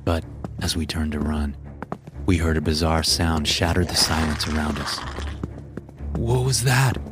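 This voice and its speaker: A man narrating a scripted horror story in a measured, grim way. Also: extremely low pitch, flat delivery. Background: background music.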